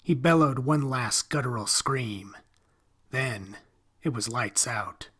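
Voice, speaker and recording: A man reading a horror story aloud in a slow, hushed, drawn-out way. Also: medium pitch, breathy edge. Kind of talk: scripted horror narration.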